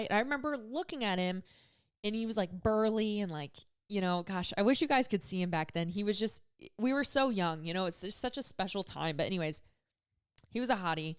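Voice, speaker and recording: Woman in her thirties, podcast host, smooth and clear tone, candid chatty advice-giver who swears casually. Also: mid-range voice, lively intonation, brisk. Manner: candid, chatty, heavy use of "like", swears freely.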